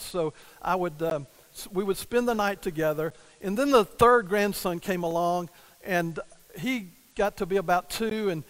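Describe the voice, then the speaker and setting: A man's voice: high-pitched, rough recording. An older man preaching a sermon, telling a family story and acting out the quoted dialogue. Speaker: pastor.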